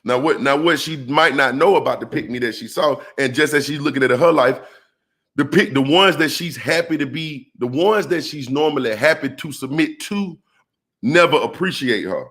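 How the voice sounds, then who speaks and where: A man giving an animated monologue on relationships, calling out to his viewers like a preacher and asking rhetorical questions. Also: mid-range voice, normal speed. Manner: preacher-like call-outs to the audience. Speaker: relationship commentator.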